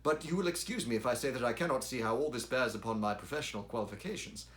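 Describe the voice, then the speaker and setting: A man's voice: mid-range voice, quick pace, close to an everyday voice. A man reading the part of a young, struggling engineer who tells his story earnestly and lifts his voice when he replies.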